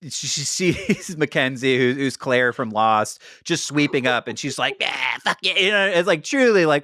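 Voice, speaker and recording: Animated man reviewing a movie. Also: mid-range voice, normal speed, dry recording, clean studio sound. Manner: animated, swears, laughs often, acts out quotes. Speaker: podcast co-host. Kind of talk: casual movie review chat.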